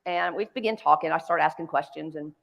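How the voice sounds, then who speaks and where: A woman's voice: low voice, fast talker, creaky, fairly bright tone. A woman from North Carolina with a Southern accent, giving a keynote talk as a chatty, self-deprecating storyteller in a large conference hall. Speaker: keynote speaker. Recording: long hall reverb.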